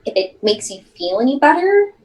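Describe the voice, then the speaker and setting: High-voiced friendly woman player. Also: big pitch swings, normal speed, a little mellow, poor audio. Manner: friendly and rambling, with many restarts. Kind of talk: in-character tabletop role-play.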